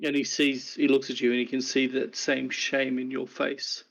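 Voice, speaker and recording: A man narrating a tabletop game as game master, calm and brisk. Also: medium pitch, creaky. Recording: dull lo-fi recording.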